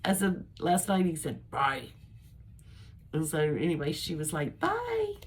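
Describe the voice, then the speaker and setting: A woman's voice: low-pitched, fairly even intonation, moderate pace, darkish tone, a little hiss or hum. An older woman chatting casually to her camera, rambling in a chatty, homespun way. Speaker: vlogger. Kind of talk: casual personal chat to camera.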